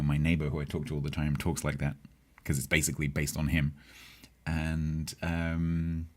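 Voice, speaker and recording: Very deep-voiced Southeast English man. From Southeast England. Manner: rambling, chatty, with hesitations and laughs. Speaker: game streamer. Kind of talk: casual live-stream chat with viewers.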